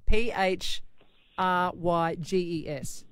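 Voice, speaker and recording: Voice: mid-range voice, slow pace, fairly bright tone, smooth, dry recording. A radio host bantering playfully with co-hosts and often laughing.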